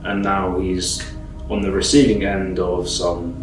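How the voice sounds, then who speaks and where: A man's voice: sits low, little pitch movement. Man explaining laws over faint music. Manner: measured, explanatory, disapproving. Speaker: commentator. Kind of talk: reaction commentary explaining law. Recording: roomy, distant mic, faint music.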